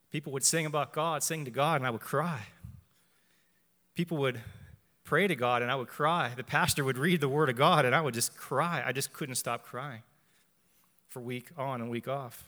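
A man in his forties gives an earnest personal faith testimony to a church, speaking in measured phrases and repeating lines for emphasis. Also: medium pitch, sharp tone, in a large hall. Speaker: church member giving testimony.

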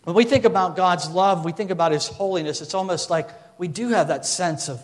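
A man with a fairly high voice preaches a sermon in a loose, conversational way, full of fillers and restarts. Now and then he slows down and leans hard into a point. His voice rings out with the long reverb of a large hall.

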